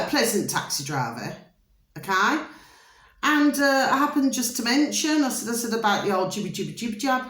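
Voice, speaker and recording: A woman's voice: a little high, fairly bright tone. A British woman vlogging, telling a long rambling story to her viewers in a theatrical, repetitive way and calling them pet names. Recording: roomy echo.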